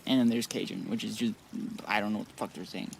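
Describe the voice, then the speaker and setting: A man's voice: on the low side, steady tone, fast talker, gravelly, a little hiss or hum. A man streaming a modded game, chatting casually in a rambling, blunt way with frequent restarts. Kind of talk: casual live-stream chat.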